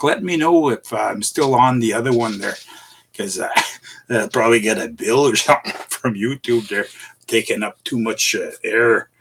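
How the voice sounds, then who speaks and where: Slow, rambling man chatting on a livestream. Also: medium pitch, a bit bright. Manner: rambling, chuckling, halting with many restarts. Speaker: live streamer. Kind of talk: casual livestream chat with viewers.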